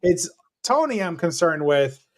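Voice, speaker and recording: A man's voice: on the high side, sing-song, a little slow, slight background noise. Teasing man with a bouncy voice. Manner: teasing, joking, mock-incredulous. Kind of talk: casual chat.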